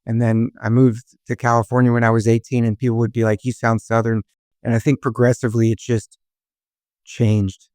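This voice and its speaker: A man from Atlanta talks casually as a podcast guest, laid-back and quick to poke fun at himself. His voice sits at an ordinary middle pitch. The sound is dry and close, with no room echo. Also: flat delivery, a little mellow. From Atlanta, Georgia, US. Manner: laid-back, self-deprecating, laughs easily. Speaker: guest, actor and comedian.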